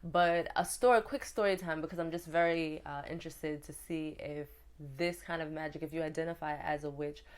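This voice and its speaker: Low-voiced woman vlogger, casual storytime, animated and rambling. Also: fairly quick, hardly any pauses, clean tone. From New York. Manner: chatty, animated retelling with many fillers.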